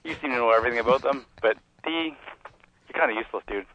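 A man's voice: medium pitch, fast talker, fairly bright tone, no room sound. A man from British Columbia, Canada, leaving a friendly, teasing phone message for a podcast. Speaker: caller. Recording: tinny phone line.

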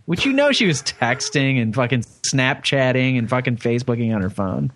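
A man's voice: mid-range voice, animated, fairly quick, hardly any pauses, no echo. Crude, storytelling man podcaster. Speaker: podcast co-host. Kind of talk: casual comedy podcast chat.

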